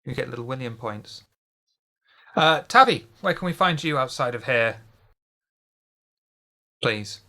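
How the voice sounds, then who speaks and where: Bright playful man hosting a podcast. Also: mid-range voice, expressive, unhurried, pauses often. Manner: playful, wrapping up the show. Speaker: podcast host. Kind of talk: casual podcast chat.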